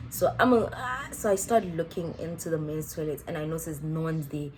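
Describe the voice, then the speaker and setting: Animated South African woman telling a story. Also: fairly low pitch, moderate pace, hardly any pauses, background noise. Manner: animated, slangy, mixing in Zulu-style phrases, laughing a lot. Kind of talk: casual storytime.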